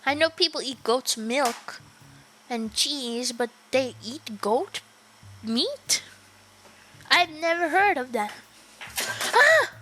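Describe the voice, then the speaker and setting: A woman's voice: high-pitched, lively intonation, slow pace, long pauses, pushed and bright, a little hiss or hum, rough recording. A young woman livestreaming a game, chatting casually with her viewers, giggling often and swearing offhandedly. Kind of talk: casual gaming livestream chat.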